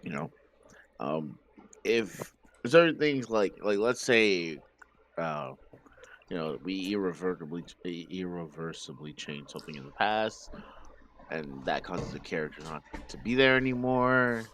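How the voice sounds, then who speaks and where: Deep, hesitant male player. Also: animated, a little slow, a bit bright, slight background noise. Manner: hesitant, searching for words.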